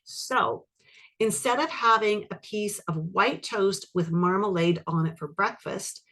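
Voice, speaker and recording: A woman's voice: medium pitch, a little slow. A woman teaching a live online class, walking through a client case and checking in with her audience. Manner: animated, asks the audience questions. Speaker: iridology educator. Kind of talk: webinar teaching with case story.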